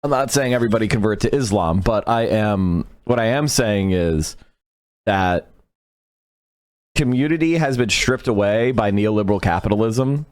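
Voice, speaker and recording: A man's voice: lowish voice, moderate pace, no room sound. A man giving blunt, profane political commentary on a livestream.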